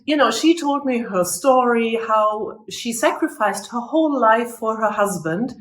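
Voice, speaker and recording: Slow, heartfelt woman in an echoey room. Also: fairly high pitch. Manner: earnest, heartfelt storytelling. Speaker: life coach and motivational speaker. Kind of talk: personal story told to camera.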